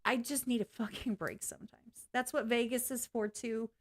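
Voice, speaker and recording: A woman chats straight to her stream viewers in a loose, unscripted rant. Her voice sits a little high for a woman, and she is blunt and swears freely. She laughs easily between points. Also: fairly even intonation, normal speed. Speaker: live streamer. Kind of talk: casual ranting livestream chat.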